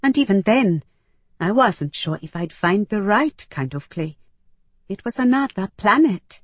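A woman reading a first-person story aloud as an audiobook narrator, in an unhurried, earnest way. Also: mid-range voice, big pitch swings, breathy edge, no room sound.

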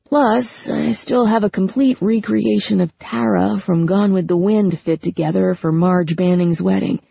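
A woman's voice: medium pitch, fairly even intonation, a little slow, creaky, mellow, breathy edge, dry recording, full character voice. A woman voicing an eager, persuasive young man who talks in a breezy, coaxing way, in a storybook reading. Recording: dull lo-fi recording.

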